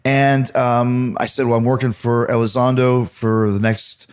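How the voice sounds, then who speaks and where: Podcast host, man from Canada, middle-aged, relaxed animated storyteller. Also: mid-range voice, unhurried, smooth. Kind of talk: casual storytelling monologue.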